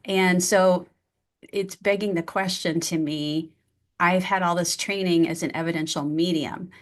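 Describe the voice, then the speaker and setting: A woman hosting an interview show, asking questions in a measured way. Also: fairly low pitch, fairly even intonation. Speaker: podcast host and medium. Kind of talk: casual interview talk.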